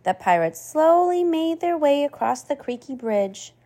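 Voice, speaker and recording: A mother reading a storybook aloud, animated and chatty, her voice fairly high and rising and falling with lots of expression. she pauses now and then to talk with her little one about the pictures. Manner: animated, chatting with her child between pages. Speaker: parent reading to child.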